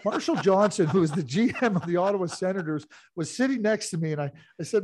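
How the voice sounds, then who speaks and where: Man, middle-aged, hockey analyst, rambling anecdotes, lots of fillers, slightly high voice. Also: expressive, quick pace, hardly any pauses, darkish tone. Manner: rambling storyteller with many "you know" fillers. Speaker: hockey analyst and former team executive. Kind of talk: anecdotal sports talk.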